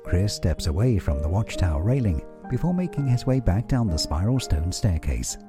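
Lively low-voiced man giving audio description. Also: music in the background. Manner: measured and descriptive.

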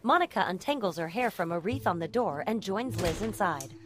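A woman's voice: mid-range voice, fairly quick. Woman narrating audio description. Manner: calm, even-paced scene description. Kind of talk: scripted narration.

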